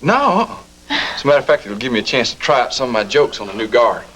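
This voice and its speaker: A man's voice: medium pitch, very animated, quick pace, fairly bright tone, slight background noise, low-quality recording. An actor in a 1980s TV soap playing a friendly, joshing man who fancies himself a comedian. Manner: easygoing, joshing. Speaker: friendly joker, would-be comedian.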